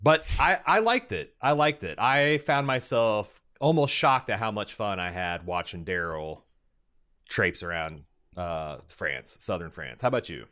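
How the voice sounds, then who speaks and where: Man, podcast co-host, lowish voice, casual rambling chat, swears and jokes. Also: measured pace, a bit bright. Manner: rambling, profane, joking.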